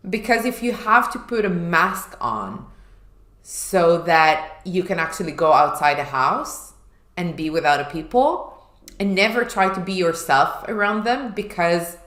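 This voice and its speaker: A woman's voice: medium pitch, fairly bright tone. A woman co-hosting a chat show, telling a personal story candidly and acting out her past self. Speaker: podcast co-host. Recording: echoey room.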